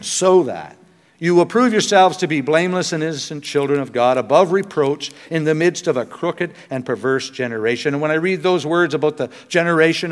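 An older man preaching a sermon as pastor, earnest and conversational, with self-deprecating humor. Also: a little high. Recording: long hall reverb.

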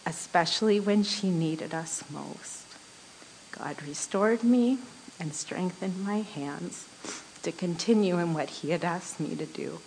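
A woman giving a personal devotional talk to a women's group, telling a story earnestly and often laughing softly mid-sentence. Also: on the low side, slow, vocal fry, a little hiss or hum, low-quality recording. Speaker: women's ministry speaker.

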